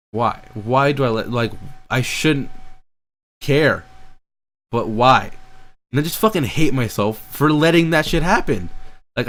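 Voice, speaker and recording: Frustrated teenage boy venting, swearing constantly. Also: mid-range voice. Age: teens. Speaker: streamer. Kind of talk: venting monologue.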